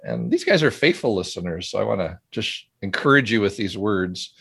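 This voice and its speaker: A middle-aged man hosts a relaxed podcast conversation, leading it with a genial, chatty manner. His voice sits fairly low. He reads listener mail aloud between friendly asides. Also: moderate pace, gravelly, husky, dry recording. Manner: chatty, genial, often chuckling. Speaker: podcast host, seminary professor. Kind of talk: casual podcast chat.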